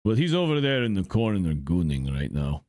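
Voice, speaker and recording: A man's voice: low-pitched, very animated, normal speed, darkish tone, no room sound, clean studio sound. A man voicing a boastful male Russian bear mercenary, in a put-on Russian accent with broken grammar and mock-indignant bragging. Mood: indignant boasting.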